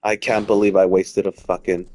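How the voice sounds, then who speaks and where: A man's voice: deep voice, flat delivery, normal speed, mellow. A man giving casual let's-play commentary as he plays, rambling, repeating himself and swearing freely. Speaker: gaming streamer.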